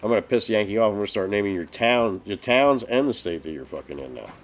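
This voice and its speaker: Animated swearing man telling road stories. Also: on the low side, fast, soft background music. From northeastern US. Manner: animated storytelling, heavy swearing. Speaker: podcast co-host. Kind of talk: casual live-stream chat.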